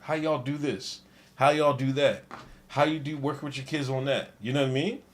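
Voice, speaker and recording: A man's voice: medium pitch, fairly even intonation, normal speed. A man casually reacting to a video on a stream, talking to his chat in a laid-back, profane way.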